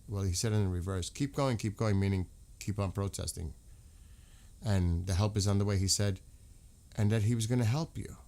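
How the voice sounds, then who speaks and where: An American man with a fairly low voice talks on a casual livestream. He gets heated, circles back over the same points and swears freely. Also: steady tone, normal speed, long pauses, mellow. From United States. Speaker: livestream host.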